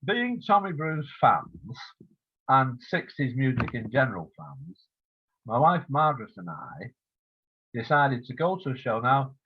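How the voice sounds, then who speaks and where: A man's voice: medium pitch, sing-song, unhurried, breathy edge, dry recording. A man in his seventies, a writer being interviewed, rambling through an anecdote and acting out the dialogue. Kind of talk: casual storytelling interview. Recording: tinny phone line.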